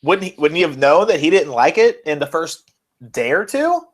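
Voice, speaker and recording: Excitable rambling man, higher voice. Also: moderate pace. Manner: excitable, rambling, swears freely. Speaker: podcast co-host. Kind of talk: casual chat.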